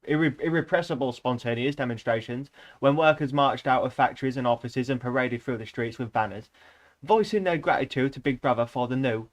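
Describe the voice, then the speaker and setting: A man's voice: mid-range voice, lightly acted. A man voicing an eager, youthful male telescreen announcer, declaiming in a put-on Russian accent during a dramatic reading.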